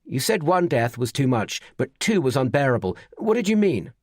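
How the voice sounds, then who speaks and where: A man's voice: mid-range voice, very animated, normal speed, no room sound, pitched above the performer's own voice. Man doing an anxious husband, urgent, pressing, dry close sound. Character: anxious, eager young husband, pleading and insistent. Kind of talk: audiobook character voice.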